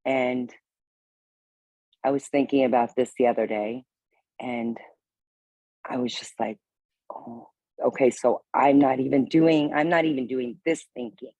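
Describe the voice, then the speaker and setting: Woman, participant: mellow voice, halting rambling talk with swearing and laughs, dry video-call sound. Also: extremely low pitch, steady tone, dry recording, poor audio. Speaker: meeting participant. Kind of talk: casual sharing, rambling.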